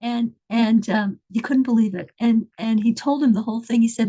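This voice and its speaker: High-voiced earnest woman storyteller. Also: fairly even intonation, mellow, highs cut off. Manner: earnest, halting with many restarts. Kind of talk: religious storytelling.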